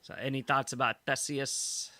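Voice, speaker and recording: Male podcast co-host, bright edgy tone, dry close mic, recaps the news with easy laughs. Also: medium pitch, flat delivery, normal speed, no room sound. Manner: summarizes news stories, laughs easily. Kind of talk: casual podcast chat.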